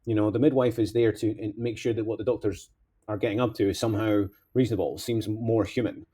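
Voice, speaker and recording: A man's voice: fairly low pitch, fairly even intonation, fast talker, mellow. A man delivering a rambling political monologue as a candidate, impassioned, veering between outbursts and mutters.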